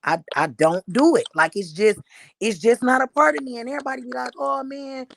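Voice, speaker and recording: A woman's voice: on the high side, big pitch swings, quick pace, creaky, a bit bright, a little hiss or hum. A woman in her thirties, speaking frankly and confessionally in a casual group chat, filling her talk with "like.". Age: 30s. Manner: frank, confessional, talks in bursts with many "like"s. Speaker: podcast co-host.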